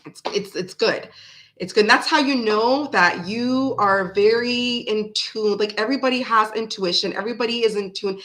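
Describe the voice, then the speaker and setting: A woman's voice: mid-range voice, fairly bright tone. A woman in her thirties hosting a live tarot stream, chatting in a frank, rambling way and often laughing. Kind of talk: casual live-stream chat.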